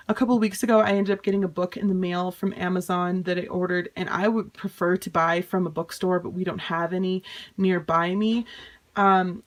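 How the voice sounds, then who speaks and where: A young woman in a casual home unboxing vlog, chatty and exasperated, swearing and laughing things off. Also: medium pitch. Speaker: vlogger.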